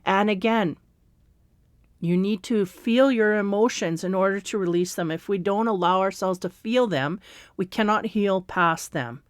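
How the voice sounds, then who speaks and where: A woman giving a spiritual tarot reading in a slow, meandering, reassuring way, with fillers and soft laughs. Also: medium pitch, dry recording, clean studio sound. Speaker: tarot reader.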